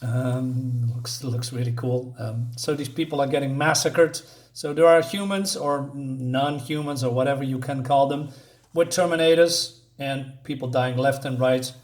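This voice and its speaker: A young man chats his way through a comic review at an ordinary pitch, filling pauses with "um" and "uh". He wanders between points and laughs at his own jokes. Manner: rambling, many fillers, chuckles at his own jokes. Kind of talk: casual comic review, reading panels aloud.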